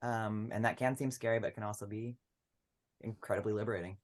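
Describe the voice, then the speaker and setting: An activist guest from Memphis, Tennessee, speaking earnestly and reflectively in a casual panel chat, with a few pauses. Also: mid-range voice, fairly even intonation.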